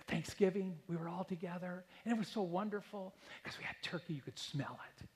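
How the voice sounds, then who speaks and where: A middle-aged man preaching a sermon in a church, lively and animated, acting out quoted voices as he goes. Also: high voice, fairly quick, slightly rough. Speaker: pastor. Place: church sanctuary. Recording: long hall reverb.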